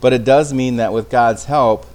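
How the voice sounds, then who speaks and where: A man's voice: medium pitch, steady tone, moderate pace, a little mellow. A man teaching an informal Bible study in a conversational way, often restarting phrases and checking in with his listeners. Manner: conversational, with frequent restarts and tag questions.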